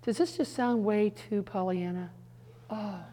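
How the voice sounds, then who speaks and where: A middle-aged woman giving a conversational Bible teaching, animated, swinging from soft, slow passages to emphatic bursts with quick asides. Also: mid-range voice, slight background noise.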